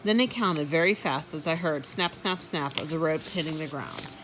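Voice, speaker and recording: A woman reading a children's book aloud in an expressive, animated way. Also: low-pitched, moderate pace, background noise. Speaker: storybook reader.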